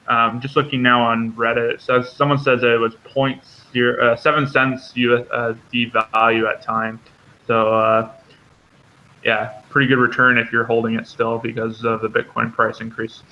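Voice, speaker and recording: A man gives background on coins in a level, monotone voice, stopping often with ums and uhs. His pitch barely moves. The audio is dull and lo-fi, like an online call. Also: slight background noise. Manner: flat, halting, many ums and uhs. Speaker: co-host running the chart segment. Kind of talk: casual explanatory talk.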